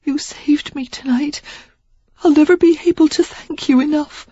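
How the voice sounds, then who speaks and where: A woman doing a weeping young gentlewoman. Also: high-pitched, steady tone, normal speed, dry recording, pitched above the performer's own voice, natural voice. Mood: tearful. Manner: tearful, gasping, breaking off mid-word. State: crying. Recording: dull, dry audiobook recording.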